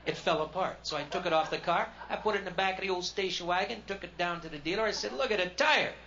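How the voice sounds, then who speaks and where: A man's voice: high-pitched, fairly even intonation, quick pace. A man performing stand-up comedy live in a casino showroom, telling stories with wry, punchy delivery. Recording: dull lo-fi 1970s live record, loud hiss.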